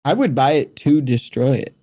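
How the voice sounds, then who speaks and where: A man's voice: medium pitch, sing-song, moderate pace, mellow. A man co-hosting a podcast, joking around in a slangy, casual way. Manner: joking, slangy, says "bro". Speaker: podcast co-host. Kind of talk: casual chat.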